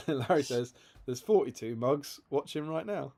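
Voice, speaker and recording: Expressive and measured, this man co-hosts a live stream in a dark-toned, mid-range voice. He chats casually, reads viewer comments aloud, and laughs frequently in an amused way.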